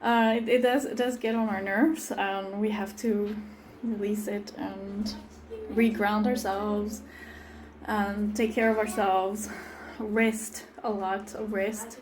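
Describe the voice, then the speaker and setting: A woman's voice: medium pitch, level tone, slow, a crowd in the background, poor audio. A middle-aged woman, out of breath, filming herself on a phone as she walks outdoors to a bomb shelter and talks in a chatty, laughing way. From immigrant to Israel. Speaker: resident showing her shelter route. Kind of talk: handheld video walk-through.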